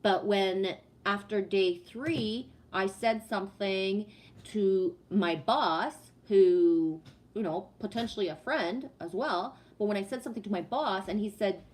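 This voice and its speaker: A woman's voice: medium pitch, unhurried, darkish tone. A woman in her forties hosting a livestream, telling a personal story in a casual, heated way with lots of swearing and then answering chat comments. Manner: profane, emphatic, heated. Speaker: livestream host reading chat.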